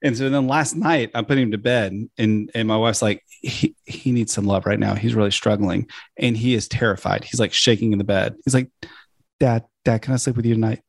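A man's voice: fairly low pitch, brisk, creaky, hardly any pauses, no echo. A man in his thirties or forties, co-hosting a podcast, telling a family story in a loose chatty way and acting out quotes with laughs. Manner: animated, acts out quotes, laughs often. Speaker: podcast co-host. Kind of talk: casual storytelling chat.

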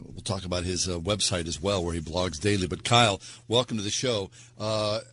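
Low-voiced male radio host. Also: fairly bright tone, slightly rough. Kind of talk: radio talk show hosting.

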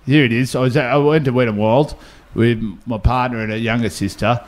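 A man's voice: medium pitch, steady tone, fairly quick. A man telling a story over a casual podcast chat. He laughs often, swears freely and repeats words as he goes. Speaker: guest comedian.

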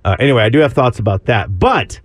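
A man's voice: medium pitch, animated, fast, no room sound. Man, sports talk host, dry close studio sound, loose and jokey. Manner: joking, rambling, easily sidetracked. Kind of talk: casual banter.

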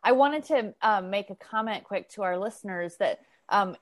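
A woman's voice: medium pitch, expressive, moderate pace, no echo. Woman hosting a parenting podcast. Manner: affirming, friendly, addresses listeners. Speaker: podcast host.

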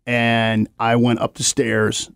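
A man's voice: medium pitch, monotone, slow, gravelly, fairly bright tone, clear, resonant tone, no room sound, clean studio sound. A middle-aged man, a podcast co-host, telling a long story casually, laughing often and acting out the voices in it.

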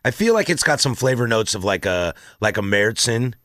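A man co-hosting a podcast, joking and animated, often searching for words. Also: on the low side, moderate pace, no room sound, studio quality. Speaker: podcast co-host. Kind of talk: casual chat.

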